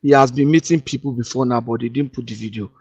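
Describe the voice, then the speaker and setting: A man's voice: mid-range voice, steady tone, quick pace, a little mellow, husky, no echo, highs cut off. A man on a discussion panel, assertively explaining a point.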